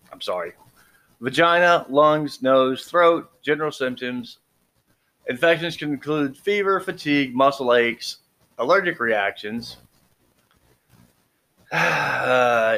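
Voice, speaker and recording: A man's voice: a little high, pushed and bright. A man reading out medication side effects in a casual vlog, tripping over long medical words and adding dry, joking asides. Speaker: vlogger reviewing medications. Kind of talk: casual read-aloud commentary.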